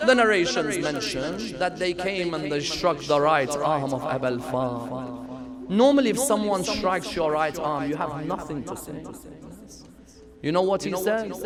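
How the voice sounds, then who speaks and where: A man preaching a mourning sermon, impassioned and building to a high lament, recorded at a mosque gathering. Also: very animated, unhurried, crowd noise. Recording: audience audible in hall. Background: audience in the hall.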